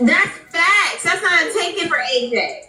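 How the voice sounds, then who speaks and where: Defensive high-voiced woman on a noisy stream. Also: animated, unhurried, roomy sound, far from the mic. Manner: defensive, blunt, cursing. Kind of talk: heated live-stream argument.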